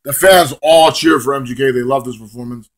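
A young man ranting casually to camera about wrestling, profane and rambling, swinging between loud outbursts and mumbling. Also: mid-range voice, fairly quick. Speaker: wrestling vlogger.

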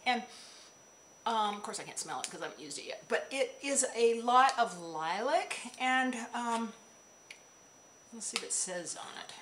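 A woman's voice: a little high, lively intonation, normal speed, a bit bright, slight background noise, rough recording. Woman vlogger, casual chat, rambling, chatty, asides, showing items to camera.

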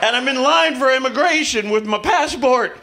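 A man doing a stand-up comedy set, telling stories in a halting, awkward way with deadpan self-mockery. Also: very high voice. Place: comedy club stage with audience laughter.

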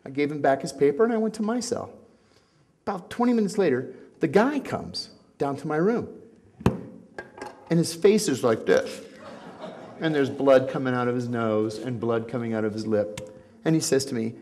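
A man's voice: medium pitch, normal speed, pauses often. A middle-aged man telling stories at a community talk, acting out the quotes as he goes. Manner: animated storyteller acting out quotes. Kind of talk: storytelling talk.

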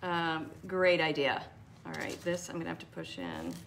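A woman's voice: deep voice, big pitch swings, moderate pace, creaky, fairly bright tone, a little hiss or hum. A woman hosting a live craft tutorial, chatting and rambling as she answers viewers by name.

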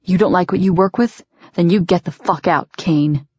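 A woman's voice: fairly low pitch, normal speed, a little mellow, husky, dry recording, muffled recording. A woman voicing a furious male hero who growls and snarls threats, in an audiobook. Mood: snarling. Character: feral, furious male hero barely restraining rage.

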